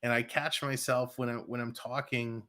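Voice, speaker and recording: A man's voice: medium pitch, little pitch movement, sharp tone. A man from Canada with a Canadian accent, calling live hockey play-by-play for a stream and chatting with viewers between plays, speeding up when the action picks up. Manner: chatty, reads chat aloud, quickens on plays. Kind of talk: live play-by-play commentary with chat. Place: home, living in the US.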